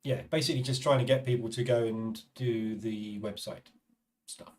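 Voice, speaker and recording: A man's voice: medium pitch, steady tone, normal speed, distant mic, a little hiss or hum. A man hosting a live trading stream, chatting casually and thinking aloud about the markets as he reads replies to viewers.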